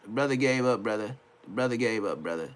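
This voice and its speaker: A man's voice: lowish voice, lively intonation, quick pace, a crowd in the background. A man giving casual reaction commentary on a video, profane and mocking, who laughs often. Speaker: reaction streamer.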